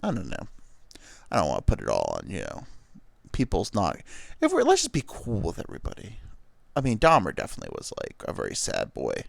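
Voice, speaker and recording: A man's voice: deep voice, huge pitch swings, a little fast, creaky, dry recording, clean studio sound. A man hosting a comedy podcast, riffing in a rambling, profane monologue full of filler words.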